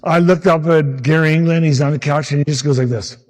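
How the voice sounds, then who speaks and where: A man in his sixties, a meteorologist telling animated stories about his early career and acting out the people he quotes. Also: fairly high pitch, brisk. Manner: animated anecdotes, acts out quotes. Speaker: meteorologist speaker at a summit. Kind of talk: storytelling talk.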